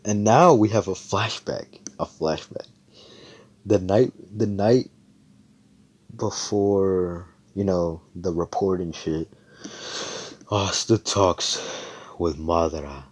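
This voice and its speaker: Deep-voiced young man telling a fan story. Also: slow, pauses often. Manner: rambling and profane, with frequent restarts; talks through each figure's lines in his own voice. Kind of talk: casual spoken fan-fiction narration.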